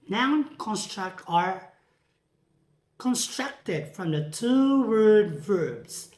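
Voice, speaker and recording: Woman, lecturing teacher, rather low voice, roomy echo. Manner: deliberate, repeats example words aloud. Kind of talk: lecture on English pronunciation. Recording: echoey room.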